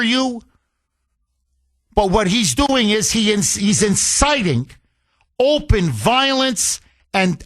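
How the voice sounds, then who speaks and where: This man speaks in a high, slightly bright voice as he hosts a talk radio show. His monologue is fiery and combative, impassioned and built heavily on repetition.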